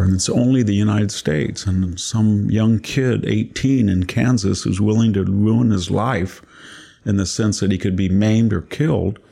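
An older man with a low, gravelly voice and a husky edge talks politics on a podcast, pressing his points hard. He repeats phrases for emphasis in a forceful, conversational way. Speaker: podcast host. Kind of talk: casual political discussion.

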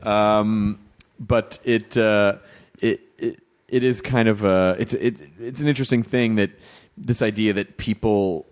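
A man chatting casually on a podcast, rambling and restarting, now and then acting out quotes in a high voice. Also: fairly even intonation, a little slow.

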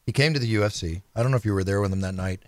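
A man with a low voice talks quickly as host, eagerly telling stories and firing off questions. The sound is close and dry, with no room around it. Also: a little mellow, no room sound. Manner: enthusiastic, leading storyteller asking questions. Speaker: show host. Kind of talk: interview.

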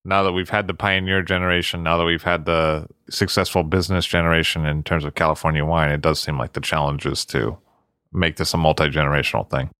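A man's voice: rumbling low, fairly even intonation, fast talker, fairly bright tone, dry recording, clean studio sound. A man interviewing a guest, prompting him with questions and summing up points.

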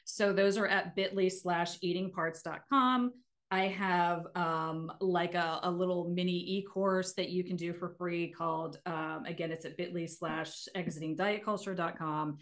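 A middle-aged woman, a coach and podcast guest, talking in an earnest, conversational way that gets animated when she makes a point. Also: lowish voice, measured pace. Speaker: guest, emotional eating coach.

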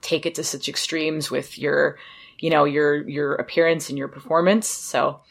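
Low-voiced female co-host, laid-back and chatty. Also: moderate pace, gravelly. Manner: relaxed, many fillers and asides. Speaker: podcast co-host. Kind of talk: casual chat.

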